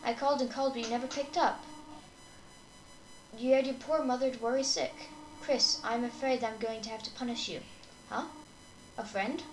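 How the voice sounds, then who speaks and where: A woman's voice: a little high, steady tone, normal speed, pauses often, far from the mic, slight background noise, lightly acted. A woman reading the lines of a kind, worried goat mother from a game. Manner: reading game dialogue aloud in a near-normal voice. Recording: echoey room with game music.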